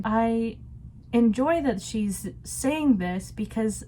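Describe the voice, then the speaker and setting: A woman talks through a book she is reading in a casual vlog. She sounds chatty and reflective, and her voice sits at an ordinary middle pitch. A faint hiss of background noise runs under her voice. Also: a little slow. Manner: chatty and reflective, laughs often. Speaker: book vlogger.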